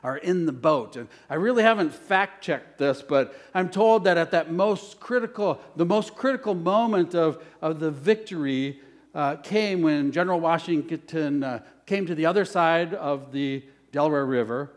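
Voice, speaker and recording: Pastor guy preaching in church, slightly high voice, goes quiet then loud. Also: normal speed. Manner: dynamic preaching, swings from hushed to loud. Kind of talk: sermon.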